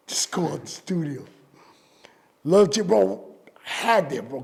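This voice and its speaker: Man, high gravelly voice, lively swooping delivery, profane storyteller. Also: a little slow, long pauses. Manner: profane, acts out quoted voices. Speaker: rapper and DJ guest. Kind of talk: animated storytelling interview.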